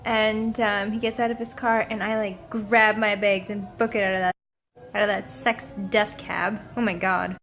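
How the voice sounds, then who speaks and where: A woman travel vlogger telling a dramatic story in a casual, animated way and quoting the people she met. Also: medium pitch, moderate pace, faint music behind, low-quality recording.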